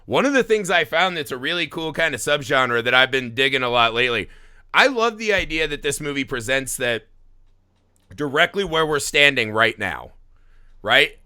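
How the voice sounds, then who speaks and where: A man in his thirties from the US Midwest, a podcast host telling a story in casual chat, swearing and acting out shouts with laughs. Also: medium pitch, normal speed, clear, resonant tone. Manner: animated, swearing, acts out shouts and laughs while telling stories.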